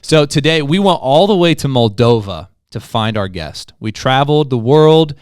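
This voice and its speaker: Man, podcast co-host, energetic, joking, smooth, dry sound. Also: mid-range voice, moderate pace, dry recording. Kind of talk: casual podcast hosting.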